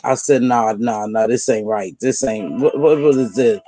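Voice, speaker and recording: A woman's voice: a bass voice, moderate pace, warm tone. An older woman giving blunt, exasperated live commentary to her viewers. She uses casual slang and repeats words for emphasis. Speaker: online commentator.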